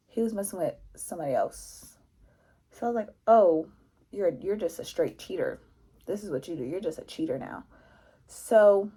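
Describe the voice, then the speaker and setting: A young woman vlogger telling a casual storytime in a lively, slangy way, acting out what people said. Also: medium pitch, slightly rough. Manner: animated, slangy, mimics people in quotes.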